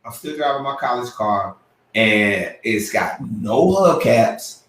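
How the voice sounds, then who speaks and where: A man co-hosting a podcast, telling a story with lively acted-out quotes and sudden jumps in pitch. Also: slow pace, far from the mic. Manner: excitable, acts out quotes with big pitch jumps. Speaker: podcast co-host. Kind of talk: animated storytelling. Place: room at a live podcast show. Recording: roomy, from off the mic.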